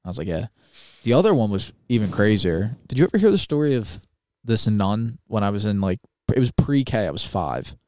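A young man co-hosting a podcast, telling a story in a casual, animated, swearing way and acting out quoted voices. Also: fairly low pitch, fairly quick, no echo, studio quality. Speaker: podcast co-host.

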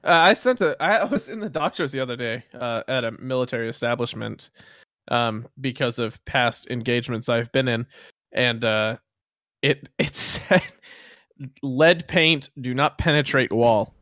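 A man co-hosting a podcast in casual chat, bantering with deadpan jokes. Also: mid-range voice, normal speed, no echo, studio quality. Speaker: podcast co-host.

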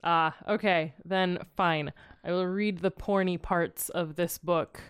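A woman podcast co-host in giggly comedic banter, quick to react. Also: lowish voice, fairly even intonation, smooth, dry recording, clean studio sound.

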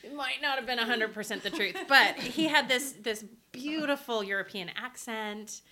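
A woman co-hosting a casual podcast chat, telling an animated story and laughing often. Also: on the high side, normal speed, crowd noise. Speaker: podcast co-host.

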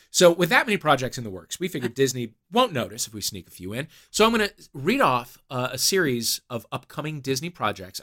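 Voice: medium pitch, a bit bright. A quiz host on a comedic podcast, reading rounds with wry, playful jokes. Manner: wry, playful, jokey delivery.

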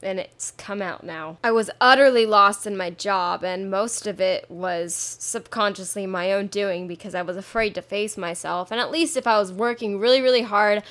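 A woman in her twenties hosts a solo podcast, speaking at a moderate pace with a medium pitch, a fairly bright tone, and hardly any pauses. Her monologue is casual, candid and playful, and she often replaces curse words with spoken bleeps.

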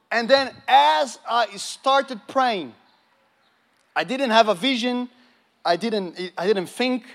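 A man's voice: sits high, fairly bright tone. A man preaching a sermon, telling a testimony with acted-out dialogue and asking the audience questions. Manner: storytelling, acts out dialogue, engages the audience.

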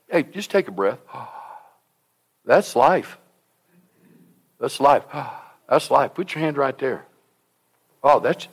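A pastor preaching a sermon to his congregation in a church, swinging from hushed to loud and repeating phrases for emphasis. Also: medium pitch. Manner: impassioned preaching with sudden swings from soft to loud. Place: church sanctuary.

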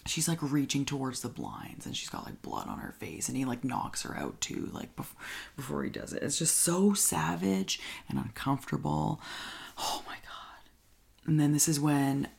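A woman's voice: rumbling low, sing-song, moderate pace, creaky, a little mellow. A young woman casually recapping a horror film, gushing with constant "like" and "oh my God" and often dropping into a whisper. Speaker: movie recap vlogger.

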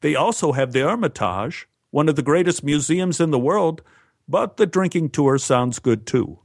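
A man's voice: fairly high pitch, lively intonation, moderate pace, creaky, no echo, clean studio sound, voice pushed up. A man voicing a casual male friend in an offhand, lightly amused tone.

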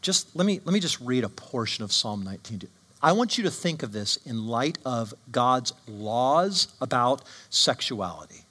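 A man's voice: mid-range voice, animated, normal speed, pushed and bright. A man preaching a sermon with emphatic delivery and frequent rhetorical questions. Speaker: pastor.

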